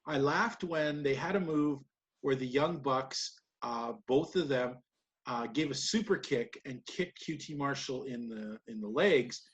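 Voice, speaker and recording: A man's voice: mid-range voice, unhurried, lo-fi sound. A man co-hosting a podcast, recapping wrestling matches in casual, rambling chat and laughing often. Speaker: podcast co-host.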